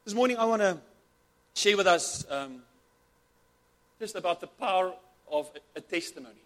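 A high-pitched male pastor preaching a sermon with fervent energy. He stumbles and repeats himself as he goes, in an earnest, heartfelt delivery. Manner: fervent, repetitive, many restarts.

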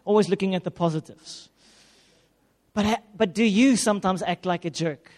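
A man, a pastor, telling a lively, self-mocking personal story in a sermon. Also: high-pitched, moderate pace. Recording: long reverb of a hall.

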